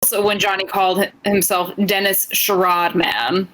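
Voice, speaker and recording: A woman's voice: medium pitch, flat delivery, moderate pace, a bit bright, poor audio. A young woman co-hosting a podcast, chatting casually and bluntly, swearing freely and filling her talk with ums. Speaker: podcast co-host. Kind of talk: casual chat recapping wrestling.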